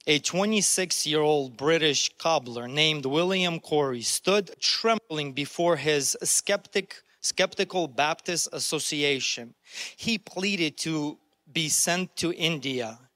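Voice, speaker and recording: A man's voice: a little high, slow pace, sharp tone, dry recording, studio quality. A man preaching a sermon in an earnest, conversational way, often restarting his phrases. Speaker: pastor.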